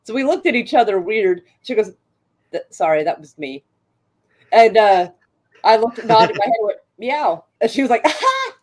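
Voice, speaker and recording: A woman's voice: medium pitch, expressive, normal speed, a little mellow. A middle-aged woman streamer in casual chat, telling stories with frequent laughter and swearing. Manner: chatty storyteller, laughs often, swears.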